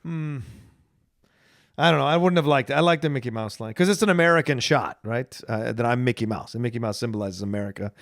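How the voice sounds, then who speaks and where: A man co-hosting a casual movie podcast, giving quick opinions and short reactions. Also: medium pitch, no room sound, clean studio sound. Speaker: podcast co-host.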